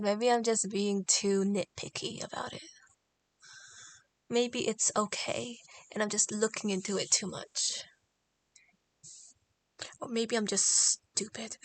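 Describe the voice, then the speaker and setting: A woman streaming from her bedroom, chatting casually while she draws, musing aloud and doubting her own work in half-finished sentences. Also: mid-range voice. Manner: musing, self-critical, trailing off.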